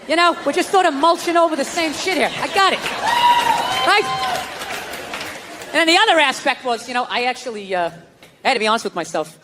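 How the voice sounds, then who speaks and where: A man's voice: very high-pitched, quick pace, crowd noise, noisy background. A man performing stand-up comedy on a large theater stage, telling stories and acting out his own inner voice. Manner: animated storytelling, acts out his own inner voice. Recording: live theater reverb, faint audience.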